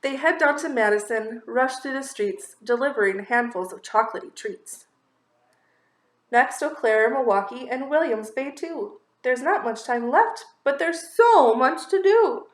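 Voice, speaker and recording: A woman reading a rhyming children's picture book aloud in a lively, expressive, sing-song way. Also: high-pitched, a little slow, echoey room. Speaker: children's story reader. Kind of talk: storybook read-aloud.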